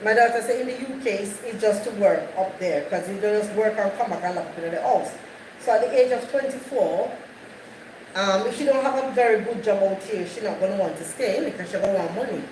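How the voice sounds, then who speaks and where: A woman's voice: medium pitch, brisk, darkish tone, far from the mic. A woman hosting a live stream, chatting casually with viewers, greeting them by name and repeating herself. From Jamaica. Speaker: livestream host. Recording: echoey, off-mic, noisy background.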